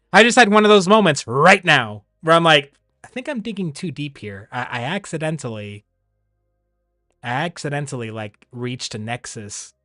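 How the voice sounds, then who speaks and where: A man's voice: medium pitch, dry recording, clean studio sound. Rambling man, casual stream chat. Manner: rambling, animated, laughs often.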